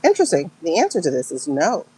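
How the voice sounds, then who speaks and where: Emotional woman with a gravelly voice. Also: low-pitched, a little slow, darkish tone, rough recording. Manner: emotional, exclaiming, talks to viewers as "girl". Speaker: tarot and pendulum reader. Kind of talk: livestream spiritual reading.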